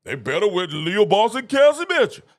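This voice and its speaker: A middle-aged man hosting a live stream, ranting casually to his viewers in an animated, preachy way and repeating phrases for emphasis. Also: high voice, moderate pace. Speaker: live-stream show host. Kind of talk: casual opinion rant to viewers.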